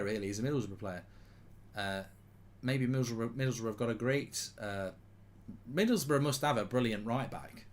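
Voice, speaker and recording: A man giving casual, jokey live football commentary and reading out viewer comments. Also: medium pitch.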